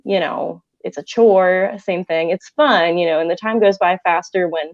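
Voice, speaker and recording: A woman's voice: fairly low pitch, moderate pace, no echo. A woman in her twenties, a coach, chatting casually and using lots of fillers. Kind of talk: casual chat. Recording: dry, dull lo-fi audio.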